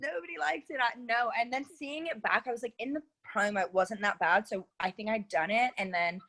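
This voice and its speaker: A woman's voice: a little high, fairly quick. A young woman from England with an accent that mixes British and Los Angeles speech, chatting casually as an interview guest, full of "like" and "you know". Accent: mix of British and Los Angeles. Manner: chatty, many "like" and "you know" fillers, lively. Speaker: interview guest, reality show contestant. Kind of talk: casual chat.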